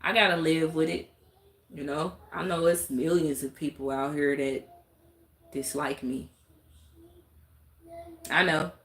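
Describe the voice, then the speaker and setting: A woman's voice: deep voice, steady tone, takes it slowly, pauses often. A woman streaming live, talking in a blunt, exasperated, rambling way to her viewers. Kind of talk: casual live-stream rant. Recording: roomy echo.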